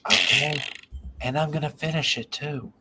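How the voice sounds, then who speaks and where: A man's voice: on the high side, fairly even intonation, moderate pace, very noisy. A man co-hosting a casual chat, meandering and repeating words as he thinks aloud.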